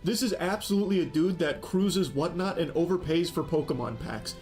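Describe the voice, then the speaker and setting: A man's voice: a little high, brisk, darkish tone. A man commentating on a stream clip in a sarcastic, mocking, incredulous way. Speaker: reaction commentator.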